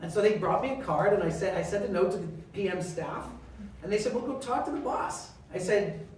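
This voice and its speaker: Speaking high and briskly, this Canadian man is a guest speaker and member of parliament giving a storytelling talk. He's animated and voices the characters' lines himself, while a far-off microphone picks him up in a strongly reverberant room over a faint hiss.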